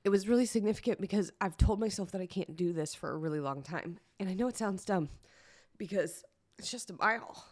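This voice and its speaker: A woman's voice: medium pitch, brisk, darkish tone, no room sound, clean studio sound. A woman hosting a personal solo podcast, talking candidly and chattily, teary-eyed at times. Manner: candid, emotional, chatty with fillers. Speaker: podcast host.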